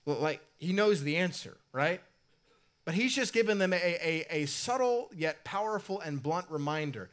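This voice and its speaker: Pastor, middle-aged man, slightly high voice, casual and self-deprecating sermon delivery that restates key lines. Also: expressive, moderate pace. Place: church sanctuary.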